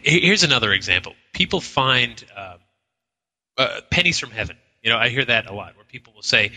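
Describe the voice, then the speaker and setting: Bright-voiced man in a reverberant hall. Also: medium pitch, sing-song, fairly quick. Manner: storytelling with acted-out quotes and frequent restarts. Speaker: co-host of a live paranormal radio show. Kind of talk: casual on-air chat. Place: inn function room at a live broadcast.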